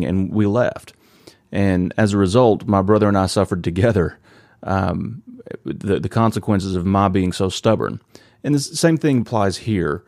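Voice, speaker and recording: Earnest male preacher, low dry voice. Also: normal speed, a little mellow, dry recording. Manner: earnest, conversational preaching with rhetorical questions. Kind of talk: sermon.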